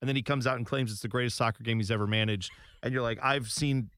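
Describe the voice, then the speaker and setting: A man's voice: medium pitch, fairly even intonation, quick pace, fairly bright tone, no room sound, studio quality. A man co-hosting a soccer podcast in casual, rambling chat, laughing often and slipping into mocking quote voices. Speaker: podcast co-host.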